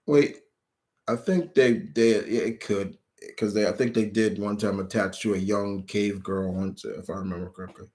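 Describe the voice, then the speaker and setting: A man hosts his own channel on a live stream, chatting casually and answering viewer questions. He rambles, restarts often, and gets animated when retelling scenes, speaking at normal speed with a fairly low pitch.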